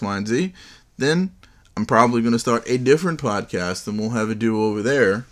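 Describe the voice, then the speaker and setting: A man's voice: mid-range voice, fairly bright tone. A man hosting his own solo podcast, chatting casually in a joking, rambling way. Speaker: podcast host.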